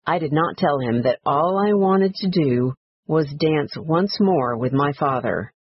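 A man reading a story aloud in a quiet, reflective, measured way, in a dry, slightly dull recording. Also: on the high side, expressive, breathy edge, no echo. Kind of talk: read-aloud story narration.

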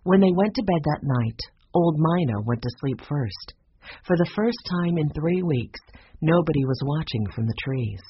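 A reader giving a lively, expressive storybook narration. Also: mid-range voice, moderate pace, slight background noise. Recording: dull dry lo-fi recording.

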